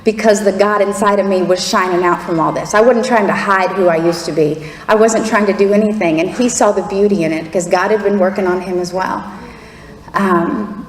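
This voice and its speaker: A woman's voice: mid-range voice, steady tone, a little fast. A middle-aged woman giving a candid, laughing, fervent personal testimony to an audience. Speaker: testimony speaker. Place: large hall before an audience. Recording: echoey hall with faint crowd and noise.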